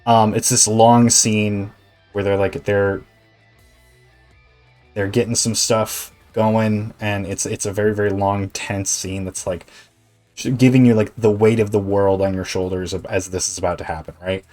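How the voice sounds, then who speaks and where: A male Twitch streamer chatting casually while gaming, rambling, animated, and swearing freely. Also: lowish voice, measured pace, faint music behind.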